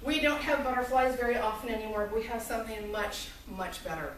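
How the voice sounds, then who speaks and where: A woman in her forties lecturing to a college class, telling a personal story in an animated way and acting out what people said. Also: fairly high pitch, brisk, a little hiss or hum. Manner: lively, animated storytelling with acted-out quotes. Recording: echoey room, recorded from far off.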